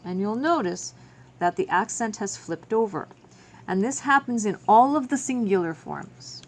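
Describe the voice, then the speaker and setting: A woman's voice: mid-range voice, animated, moderate pace. A woman teaching a French verb lesson to students, explaining each step patiently. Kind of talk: classroom video lesson.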